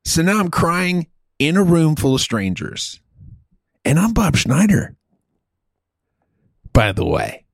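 A man's voice: fairly high pitch, takes it slowly, gravelly, pauses often, dry recording. Chatty middle-aged man, dry sound. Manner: animated, rambling, swears casually, says dude. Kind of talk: casual storytelling chat.

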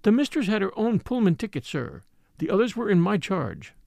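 A woman's voice: medium pitch, very animated, normal speed, creaky, a little mellow, no room sound, pitched above the performer's own voice. A man reading the part of an anxious young lady's maid who answers timidly and deferentially. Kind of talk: audiobook character reading.

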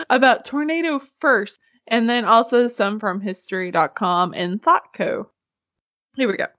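Chatty woman host, slightly high voice, giggles often, dull lo-fi audio. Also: unhurried, a bit bright. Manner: chatty and giggly, swears casually. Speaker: podcast host. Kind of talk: casual chat.

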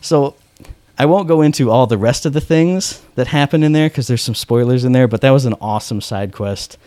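This man's voice is mid-range and dark, his pace fairly quick, and there's no room sound. He's a podcast host in casual, enthusiastic conversation who says "like" a lot and plays out the dialogue in his stories.

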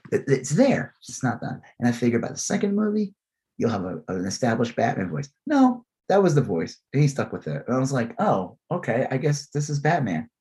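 A young American man co-hosting a podcast, chatting casually and jokily about movies. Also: fairly quick. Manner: animated, jokey, breaks into high silly voices. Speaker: podcast co-host. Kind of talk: casual chat.

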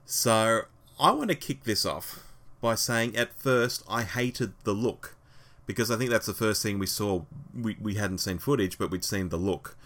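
A man co-hosts a casual fan podcast, his low voice carrying a bright, forward edge. He talks animatedly, laughs easily and jumps into a higher voice to act out quotes. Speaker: podcast co-host.

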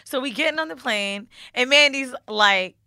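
A young woman co-hosting a podcast, telling stories in animated, profane chat. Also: high-pitched, moderate pace, no room sound, clean studio sound. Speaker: podcast co-host. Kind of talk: casual chat.

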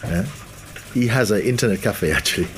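A man's voice: on the low side, lively intonation, fairly quick, crowd noise. A man giving a spiritual talk to an audience, laughing often and acting out the voices of the people he quotes. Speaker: spiritual teacher.

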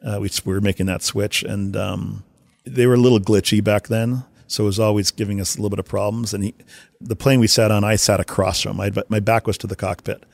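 A man telling casual stories about working in hockey, acting out shouted quotes as he goes. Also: on the low side, brisk, gravelly, no echo. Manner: animated storyteller, acts out shouted quotes. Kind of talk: casual anecdotal storytelling.

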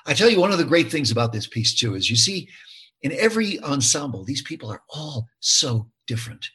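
A man's voice: medium pitch, big pitch swings, fairly quick, pushed and bright, husky. An older man talking casually in an interview about his film, telling stories with many restarts and fillers.

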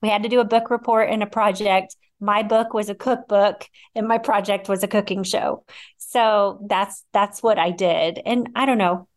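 A woman's voice: mid-range voice, fairly even intonation, moderate pace. A woman guest on a podcast, telling a funny story with frequent laughs. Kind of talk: casual chat.

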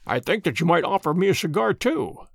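A man voicing a calm, wry detective who speaks in a measured, commanding way. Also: high voice, no echo, studio quality, full character voice. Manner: measured, crisp, quietly amused.

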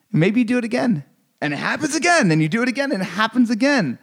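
A man with a high voice delivers a motivational talk. He hammers his points through repetition and occasional swearing, pressing hard on the listener. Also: sing-song, fast, gravelly, a bit bright. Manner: intense, repetitive, preachy, swears for emphasis. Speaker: motivational speaker. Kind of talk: motivational speech.

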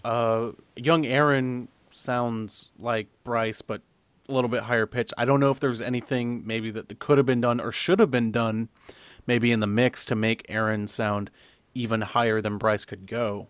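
A man's voice: medium pitch, fairly even intonation, normal speed, clear, resonant tone, no echo. A man hosting a casual anime review podcast, chatty, with frequent restarts and laughs. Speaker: podcast host.

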